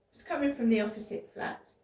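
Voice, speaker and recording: A vlogger with a fairly high, slightly mellow voice rambles through a personal story in a casual spoken diary filmed indoors at home. She frequently repeats words and starts sentences over, and the sound is roomy and distant.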